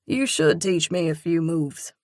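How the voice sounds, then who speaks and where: An easygoing, teasing man speaks in an even, wry drawl, read by a woman. The voice sits low and moves slowly, and the sound is dry and close. He comes across as the love interest in a romantic storybook. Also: dry recording. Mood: teasing, calm.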